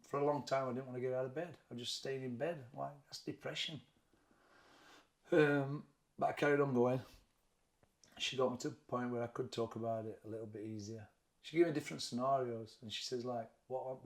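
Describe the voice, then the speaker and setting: Gravelly Sheffield man, plain-spoken. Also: medium pitch. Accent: Sheffield, Yorkshire. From England. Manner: plain-spoken, halting, repeats words. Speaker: boxing trainer, interview guest. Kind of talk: candid personal interview.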